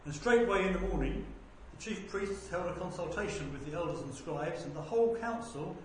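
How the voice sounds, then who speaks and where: A man reading a Bible passage aloud in a measured, deliberate way, lifting his voice for quoted speech. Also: high-pitched, animated. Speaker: scripture reader. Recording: very echoey room with faint background noise.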